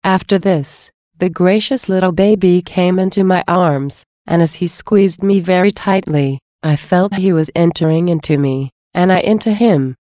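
Woman reading a devotional text, slow and reverent, lowish mellow voice. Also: no room sound, clean studio sound. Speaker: reader. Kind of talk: devotional scripture-style reading.

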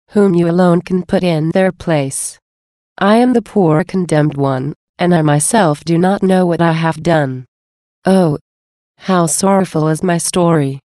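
A woman's voice: lowish voice, warm tone, dry recording, clean studio sound. A woman reading a first-person devotional diary aloud in an earnest, pleading manner. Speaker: reader.

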